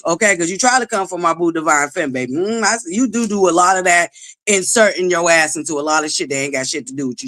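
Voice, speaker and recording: A woman hosting a casual gossip commentary vlog, sassy and profane, scolding her viewers and swinging from low asides to loud exclamations. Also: lively intonation, fast talker. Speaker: commentary vlogger.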